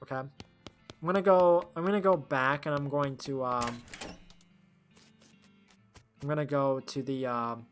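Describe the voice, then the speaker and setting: A streamer playing a game who reads the text aloud, thinks out loud and often trails off with fillers. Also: mid-range voice, steady tone, measured pace, pauses often, clean tone, soft background music.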